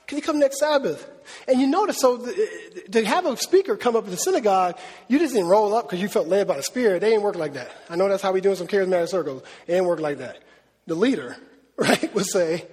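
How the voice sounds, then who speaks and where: A man preaching a sermon in an animated, conversational way, laughing and acting out quotes. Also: high-pitched, fast talker, husky, in a large hall. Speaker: pastor.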